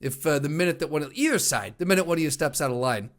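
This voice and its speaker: A man's voice: on the high side, lively intonation, quick pace. A man co-hosting a casual podcast who rambles through his points and laughs often. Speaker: podcast co-host. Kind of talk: casual chat.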